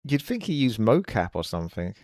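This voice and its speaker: A man's voice: fairly low pitch, very animated, a little fast, darkish tone, no echo, studio quality. A man giving casual, chatty commentary on a live game stream, musing aloud and often saying "like".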